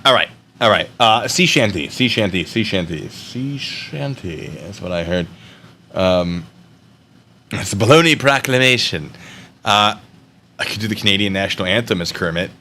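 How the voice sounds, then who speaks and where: A man's voice: fairly low pitch, pushed and bright, a little hiss or hum. A man chatting casually on a livestream, rambling and joking as he thinks aloud. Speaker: streamer.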